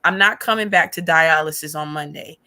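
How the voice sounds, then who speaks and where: Bright-voiced woman telling her story. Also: sits low, brisk. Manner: animated storyteller acting out past conversations. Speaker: podcast guest. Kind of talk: emotional personal testimony.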